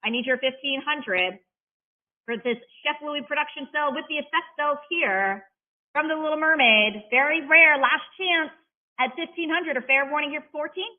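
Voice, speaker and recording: A woman calling bids at a live auction, running figures in a fast rhythmic chant and breaking into brief chatty asides about the lots. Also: high-pitched. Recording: tinny phone-like stream audio.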